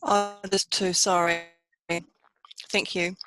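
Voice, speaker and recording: A woman student in an online class, reading aloud slowly and carefully with some hesitation, over a video call. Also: mid-range voice, level tone, a bit bright, slight background noise.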